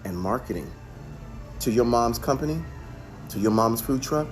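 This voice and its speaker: A man's voice: mid-range voice, animated, moderate pace, soft background music. A man, a chef, telling the story of a phone call in an earnest monologue, often repeating himself for emphasis. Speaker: chef and restaurant owner.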